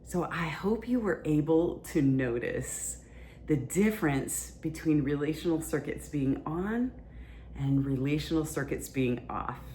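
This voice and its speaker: A woman's voice: sits low, expressive, unhurried, dark tone, slight background noise. A woman hosting a podcast, explaining relationship ideas in a casual, conversational teaching style. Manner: conversational, explains plainly with fillers.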